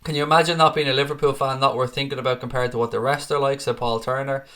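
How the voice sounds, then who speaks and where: A man's voice: mid-range voice, level tone, fast, bright, forceful tone. A tired man hosting a football fan live stream, chatting casually and answering viewer comments by name, calling them mate.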